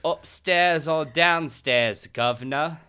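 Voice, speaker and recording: A man voicing a brash male talent agent with a put-on cockney accent, loud and drawling. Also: fairly high pitch, slow pace, clear, resonant tone, pitched above the performer's own voice.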